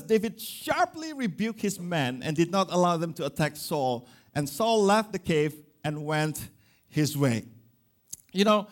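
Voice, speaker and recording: A man preaching a sermon, retelling a Bible story with lively acted-out quotes and frequent repeated words. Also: high voice. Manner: animated, acts out voices in quotes, repeats words.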